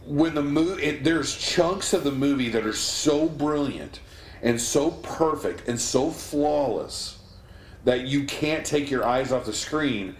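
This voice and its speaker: A man's voice: fairly high pitch, takes it slowly. A man co-hosting a podcast in casual chat, opinionated and a little profane as he reviews movies. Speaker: podcast co-host. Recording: echoey room, faint background noise.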